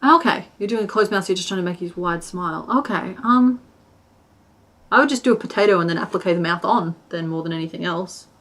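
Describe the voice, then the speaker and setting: A woman with a slightly low voice chats loosely while she crochets on a live stream. She rambles, restarts her sentences and drops to a mutter when she counts stitches. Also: quick pace, fairly bright tone. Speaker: crochet streamer and pattern designer.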